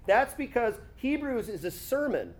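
A man preaching a conversational sermon, teaching with rhetorical asides and quick self-corrections. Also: extremely high pitch, very animated. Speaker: pastor.

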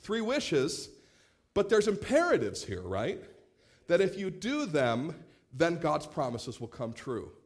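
A man in his late thirties preaching a sermon as pastor, animated, acting out quoted voices and repeating words as he starts phrases. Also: fairly high pitch, measured pace. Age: 30s.

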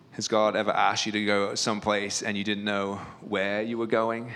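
A man with a lowish voice preaches in an easy, conversational way, breaking into personal stories. He pokes fun at himself, and his talk is full of ums and restarts. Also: level tone, moderate pace, few pauses, a bit bright, slight background noise. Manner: self-deprecating, humorous storyteller with frequent fillers. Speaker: pastor. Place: church retreat gathering.

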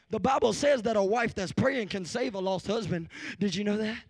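A young adult man preaching a sermon, shouting in rhythmic bursts and dropping to hushed near-whispers. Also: sits high, vocal fry, no echo. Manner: drops to a hushed near-whisper in slow passages.

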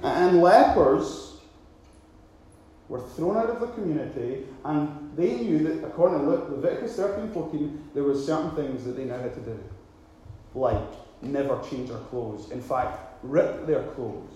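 A man preaching a sermon with dramatic delivery, now and then acting out loud shouted cries. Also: a little high, unhurried. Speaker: pastor. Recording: very echoey hall.

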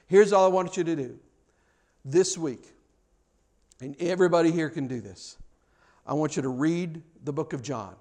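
A middle-aged man preaching a sermon as pastor, earnest and animated, often repeating words as he restarts his sentences. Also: a little high, moderate pace, pauses often.

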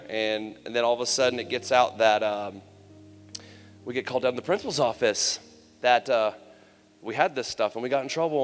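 Male speaker, mid-pitched, conversational testimony sermon with humor, echoing hall. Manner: candid, conversational storytelling with humor. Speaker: youth camp speaker. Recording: long hall reverb, faint music.

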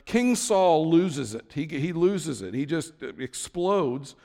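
A man's voice: on the high side, very animated, slow pace, dark tone, long reverb tail. A man preaching a sermon as pastor, conversational, with frequent restarts and asides.

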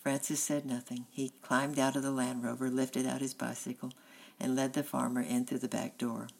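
A woman narrating a children's novel in a steady, plain reading voice. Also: rumbling low, normal speed, vocal fry, poor audio. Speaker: audiobook reader. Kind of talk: storybook narration.

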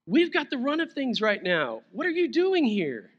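A man's voice: very high voice, huge pitch swings, moderate pace, lo-fi sound, voice pushed up, heavily acted. A man voicing a bratty male demon that taunts like a toddler during a sermon. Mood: childish taunting. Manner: whiny, petulant, toddler-like.

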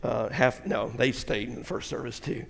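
A middle-aged man preaching a blunt sermon as pastor, swinging from shouts to a hushed near-whisper and speaking straight to his congregation. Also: mid-range voice, moderate pace, gravelly, husky, long reverb tail. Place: church sanctuary.

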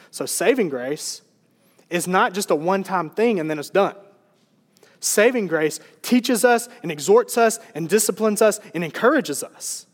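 Earnest preacher man, long hall reverb. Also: on the high side. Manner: earnest, conversational preaching with fillers. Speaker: pastor. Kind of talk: sermon.

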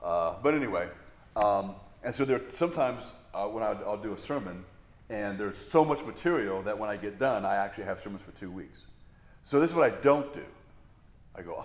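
A low-pitched male pastor leads a Bible study in a loose, conversational way. He drifts into asides and pokes fun at himself. His voice carries through a roomy, echoey space. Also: brisk. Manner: relaxed, digressive, self-deprecating asides. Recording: echoey room.

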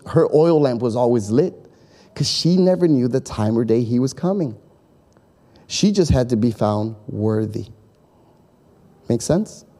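Guy preaching, lively up-and-down voice, mellow tone, keeps asking the crowd "make sense", long echo of a big hall. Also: fairly high pitch. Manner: animated storytelling, acting out voices; chatty, checks in with the audience. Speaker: pastor. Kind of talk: sermon.

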